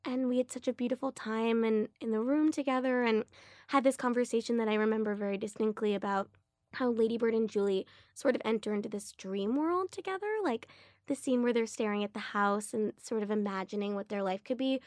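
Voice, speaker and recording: A chatty young woman talks about her work in a loose, gushing way, her voice sitting a little high. The sound is close and dry, with no room around it. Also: fairly quick, darkish tone, no room sound. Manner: chatty, gushing, many fillers and likes. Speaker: actress guest. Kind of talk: casual interview chat.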